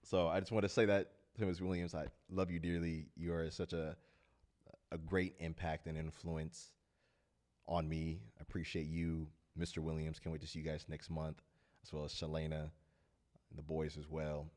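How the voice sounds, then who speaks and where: A man with a remarkably deep, low voice hosts an unscripted talk, speaking earnestly to his audience. He tells stories in a loose, meandering way, sincere and from the heart. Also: flat delivery, normal speed, darkish tone. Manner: loose, rambling storytelling. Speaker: host of a talk channel. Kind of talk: casual heartfelt monologue.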